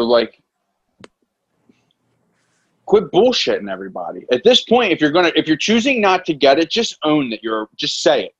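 An American man in casual talk, ranting in frustration and swearing a lot. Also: mid-range voice. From United States. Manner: profane, exasperated ranting. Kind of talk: casual heated chat. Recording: dull lo-fi sound.

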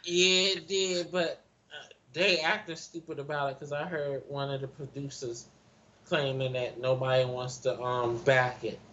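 A man's voice: mid-range voice, level tone, measured pace, sharp tone, lo-fi sound. A man grumbling and complaining in a casual podcast chat with friends. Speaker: podcast co-host.

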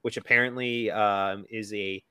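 Chatty man with a lowish voice. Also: fairly even intonation, measured pace, sharp tone, clear, resonant tone, no room sound. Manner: chatty, lots of fillers, quotes characters in a silly voice. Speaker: podcast co-host. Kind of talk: casual movie commentary.

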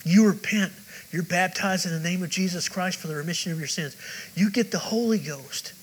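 A man's voice: sits high, fairly quick, slightly rough, poor audio. Emphatic male pastor preaching. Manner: emphatic, repetitive preaching with direct questions to the congregation. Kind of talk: sermon.

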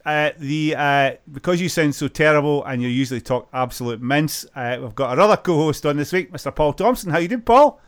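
A man hosts a casual football podcast with a somewhat high voice, lively and joking, dropping local slang as he goes. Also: a little fast. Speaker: podcast host.

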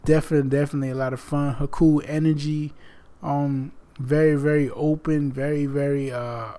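A man's voice: on the high side, level tone, brisk, warm tone. A man hosting a podcast in casual chat, rambling with many fillers and restarts, and losing his voice. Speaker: podcast host.

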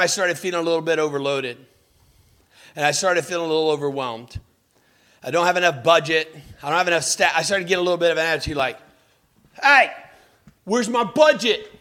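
Lively, fairly high-voiced male preacher. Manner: lively storytelling preacher who jumps into mocking voices; asks the audience direct questions. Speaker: pastor. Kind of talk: sermon.

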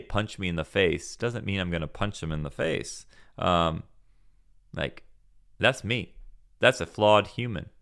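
A man's voice: low voice, fairly bright tone, smooth. A man teaching a Bible passage on a podcast in an earnest, preaching manner, asking rhetorical questions and answering them.

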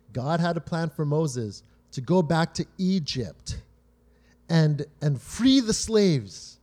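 A man's voice: a little high, a little mellow. A man preaching a conversational sermon, often checking in with "right?" and "you know?" and drawing on his own family stories. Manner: tells personal family stories to make points.

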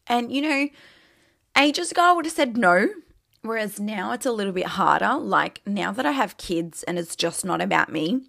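Gravelly-voiced young Australian woman chatting. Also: mid-range voice, expressive, moderate pace, a bit bright, no room sound, clean studio sound. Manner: chatty, peppered with "like", swears casually. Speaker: social media creator. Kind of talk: casual candid chat.

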